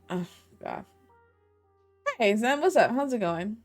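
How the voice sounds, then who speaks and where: A woman's voice: medium pitch, big pitch swings, faint music behind. Chatty woman reading game dialogue aloud. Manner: reads game dialogue aloud, quick asides and complaints. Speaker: gaming streamer. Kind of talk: casual let's-play commentary.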